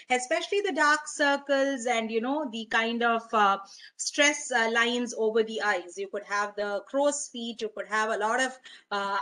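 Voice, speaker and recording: Woman, webinar presenter, bright and fairly high voice, gentle advice-giving delivery. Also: low-quality recording. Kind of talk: informal wellness talk.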